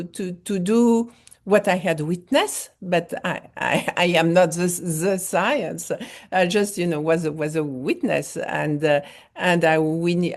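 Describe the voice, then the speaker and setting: A middle-aged woman from France with a French accent, telling her story in an interview with many pauses and restarts. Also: lowish voice. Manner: halting, many fillers and restarts. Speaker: foundation founder, guest. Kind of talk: interview conversation.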